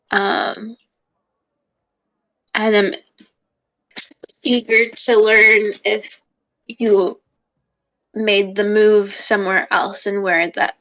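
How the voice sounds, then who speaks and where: A woman voicing a young adventurer reading a letter home, hesitant and full of pauses. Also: mid-range voice, fairly bright tone, rough recording. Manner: hesitant, with many ums.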